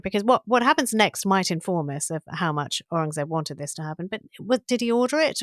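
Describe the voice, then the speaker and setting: A woman hosting a history podcast, telling stories in an animated, theatrical way. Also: on the low side, no echo, clean studio sound. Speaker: podcast host.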